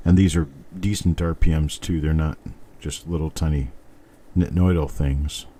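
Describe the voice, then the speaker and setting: A man's voice: a bass voice, steady tone, moderate pace, mellow. A middle-aged man hosting a live stream, chatting casually and thinking aloud as he goes. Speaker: host. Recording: faint background noise.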